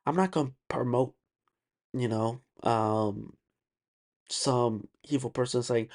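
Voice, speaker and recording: A man talks alone on his own podcast, pushing his points hard and circling back with repeated words and fillers. His voice sits at a middling pitch with a strong gravelly edge. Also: measured pace, darkish tone. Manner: emphatic, ranting, repeats words and uses many fillers. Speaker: podcast host. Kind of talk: solo podcast monologue.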